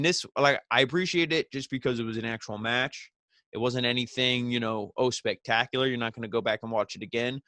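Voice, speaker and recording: A man's voice: medium pitch, fairly bright tone, no echo, clean studio sound. A man casually recapping a wrestling show, chatty and full of fillers, with sarcastic asides.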